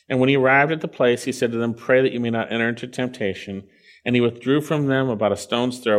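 Earnest male preacher reading scripture. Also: medium pitch. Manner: earnest, swells loud on key phrases then drops quiet. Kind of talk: expository sermon with scripture reading.

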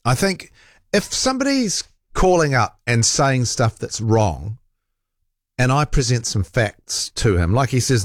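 A man's voice: on the low side, dry recording, studio quality. A man hosting a talk radio show, reading listener texts and arguing back at critics in a combative, fact-checking way. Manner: combative, defends himself, fact-checks callers.

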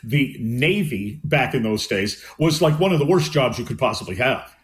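An older veteran broadcaster hosting a casual talk show, relaxed and joking. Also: male voice, medium pitch, moderate pace. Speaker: radio host.

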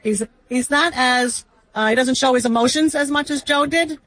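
Chatty New woman, husky, dry sound. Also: sits high, normal speed, fairly bright tone, dry recording, low-quality recording. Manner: chatty, candid, tells funny family anecdotes. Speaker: interview guest, widow. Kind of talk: conversational interview.

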